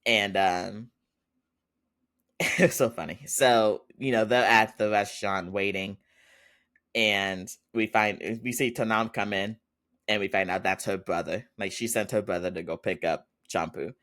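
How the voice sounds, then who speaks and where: A man gives a casual spoken episode recap with a fairly low voice. He is chatty, fills gaps with "um" and "like", and laughs often along the way. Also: steady tone, unhurried, fairly bright tone. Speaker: podcast host.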